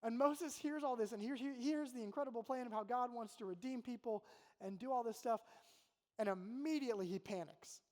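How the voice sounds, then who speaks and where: A man's voice: very high voice, a little fast. A male college pastor preaching a sermon in a casual, conversational way, acting out quotes from God and Moses. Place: church auditorium. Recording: long hall reverb.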